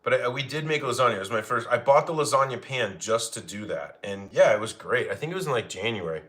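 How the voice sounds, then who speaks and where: A man's voice: mid-range voice, expressive, fast, fairly bright tone. Young male streamer, casual and jokey, talks to chat while cooking at home. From Arizona, United States. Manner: joking, chatty, laughs often. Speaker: livestream cooking host. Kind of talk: casual live chat reading comments. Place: home kitchen.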